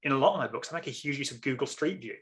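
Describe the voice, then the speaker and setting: Bright-voiced Englishman, rambling and apologetic. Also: mid-range voice, expressive, rapid-fire. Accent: English, near RP. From England. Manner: rambling, self-interrupting, apologetic asides. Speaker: author guest. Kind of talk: casual conversation.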